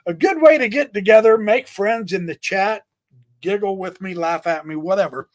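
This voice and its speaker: A man hosting a live chess stream, chatty and excitable, calling out moves as he plays them and thinking aloud, a bit sneezy today. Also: high-pitched, normal speed. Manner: chatty, excitable, exclamations and laughs. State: sneezy, stuffed up. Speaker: chess livestream host.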